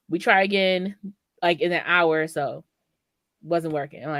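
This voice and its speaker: A young adult woman co-hosting a podcast, telling a frank story in a profane, animated way. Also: sits low, moderate pace, dry recording, clean studio sound. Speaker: podcast co-host. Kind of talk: candid storytelling chat.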